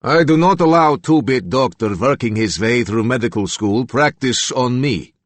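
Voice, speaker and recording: A man's voice: mid-range voice, animated, normal speed, no echo, voice pushed up, natural voice. A man voicing a menacing, violent young man alter who speaks with a Slavic accent in clipped, broken English. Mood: contemptuous.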